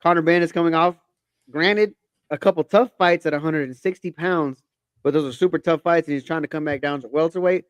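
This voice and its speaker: A man co-hosting a casual combat sports podcast, giving confident predictions in a relaxed, slangy way. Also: a little high, fairly quick, clean tone, no echo. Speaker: podcast co-host.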